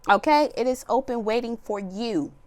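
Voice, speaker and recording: A tarot reader gives a casual reading in a slightly high, somewhat mellow voice at a moderate pace. She's blunt, swears freely, and laughs as she wanders off on tangents.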